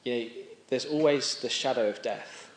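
A man preaching a sermon in a conversational way, stopping and restarting as he explains a passage. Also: mid-range voice. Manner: conversational, with frequent restarts and pauses. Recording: echoey room.

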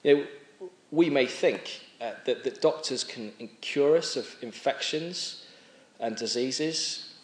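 Male preacher, mid-pitched, chatty and unpolished, with some restarts, roomy echo. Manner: conversational, with frequent restarts and pauses. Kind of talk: sermon. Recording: echoey room.

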